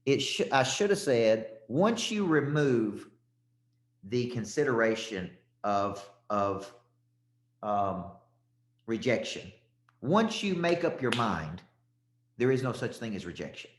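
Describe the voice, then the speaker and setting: A man's voice: medium pitch, very animated, slow, pauses often, roomy sound. A man with a Southern accent, a sales coach giving a punchy, repetitive motivational talk and calling out listeners by name.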